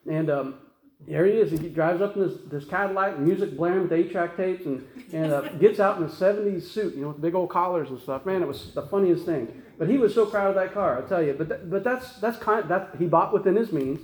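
A man's voice: high-pitched, fairly quick, darkish tone, echoey room, poor audio. A man, preaching a folksy, rambling sermon full of restarts and fillers. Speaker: pastor.

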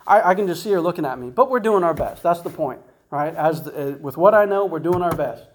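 A man preaching in a fairly high voice. He talks casually and keeps asking rhetorical questions as he teaches from the Bible. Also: expressive, brisk, slight background noise, rough recording. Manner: conversational, asks rhetorical questions, says "right?" and "guess what?" often.

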